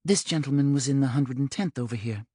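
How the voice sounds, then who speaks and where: A man voicing a brisk young English woman army officer in an audiobook, quick and direct. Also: mid-range voice, mellow, dry recording, studio quality, pitched above the performer's own voice, close to an everyday voice. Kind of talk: audiobook character voice.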